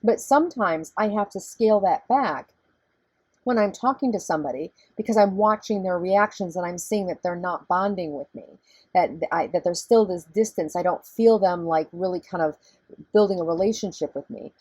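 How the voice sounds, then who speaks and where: A middle-aged woman professor with a low, husky voice, giving a conversational recorded lecture and explaining things step by step. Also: normal speed, darkish tone, no echo.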